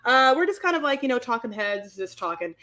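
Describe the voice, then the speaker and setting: A woman's voice: on the high side, big pitch swings, brisk, over a noisy crowd. A woman co-hosting a podcast, sassy and playful, chatting casually and calling people "honey". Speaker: podcast co-host. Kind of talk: casual chat.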